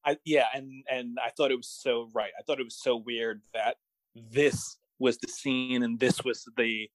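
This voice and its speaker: A man's voice: medium pitch, flat delivery, a little slow, no room sound, rough recording. Wry man co-hosting a podcast. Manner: wry, hesitant, with many restarts. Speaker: podcast co-host. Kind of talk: casual episode recap chat.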